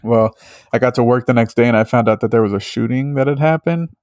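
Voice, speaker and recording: A man's voice: mid-range voice, fast, darkish tone, no room sound, clean studio sound. A man hosting a podcast, chatting casually in a rambling way with many fillers and frequent swearing. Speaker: podcast host. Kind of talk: casual chat.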